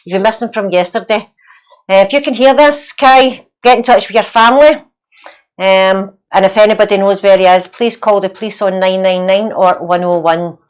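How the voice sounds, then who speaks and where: A woman's voice: medium pitch, normal speed, clean tone, rough recording. A woman co-hosting a casual live fan show, chatty and reading out viewers' names. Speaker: co-host.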